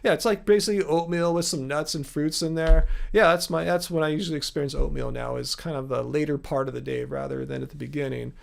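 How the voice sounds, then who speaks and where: A man's voice: fairly high pitch, steady tone, fast, creaky, hardly any pauses. A man hosting a live viewer Q&A, talking in an easygoing, rambling way with lots of fillers. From Los Angeles, USA. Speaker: livestream host. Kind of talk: casual live Q&A.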